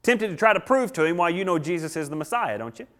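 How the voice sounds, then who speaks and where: Animated preaching man. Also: sits high, fast. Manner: animated preaching with acted-out quotes. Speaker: pastor. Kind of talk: sermon.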